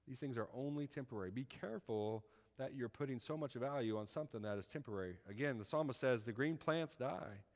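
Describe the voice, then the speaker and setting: A man's voice: medium pitch, fast, few pauses, darkish tone, long reverb tail. A man preaching a sermon in a folksy, conversational way, often asking his listeners "right?".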